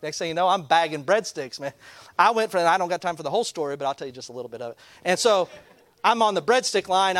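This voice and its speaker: A man's voice: fairly high pitch, no echo. A man who is a pastor telling a funny personal story, acting out the people in it. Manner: animated storyteller, acts out other people. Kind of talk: storytelling sermon.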